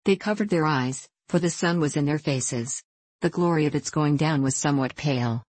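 A woman narrating a classic novel as an audiobook, in a measured, even storytelling manner. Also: sits low, no echo.

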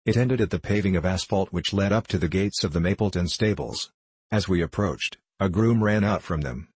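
A man narrating a classic detective story as an audiobook reader, telling it in a steady, even way. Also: low-pitched, moderate pace, husky, no room sound.

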